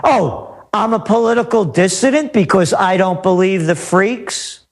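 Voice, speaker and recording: A man's voice: sits high, a little slow. A man as a guest on a talk radio interview, ranting emphatically and repeating his points. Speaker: guest trend forecaster.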